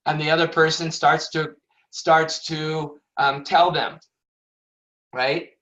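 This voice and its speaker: A man's voice: on the high side, little pitch movement, slow pace, pushed and bright. A man teaching sales questioning techniques on a video call, talking casually, acting out sample questions and laughing often. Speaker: sales coach. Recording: dull lo-fi video call audio.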